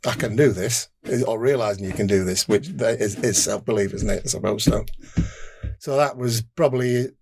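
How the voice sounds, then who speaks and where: A man's voice: lowish voice, fairly quick, vocal fry, a little mellow, husky. An older man with a Derbyshire accent, a former racer recounting his career in a rambling, casual way, restarting sentences and acting out dialogue. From England. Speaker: podcast guest, former motorbike racer. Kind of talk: casual interview storytelling.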